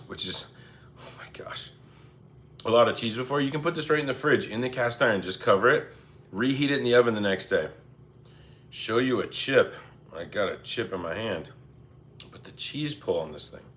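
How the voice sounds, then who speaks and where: Bright-voiced man hosting a cooking stream. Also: medium pitch, a little hiss or hum. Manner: chatty, laid-back, apologetic asides, reads chat. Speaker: cooking livestream host. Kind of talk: casual cooking livestream chat. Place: home kitchen.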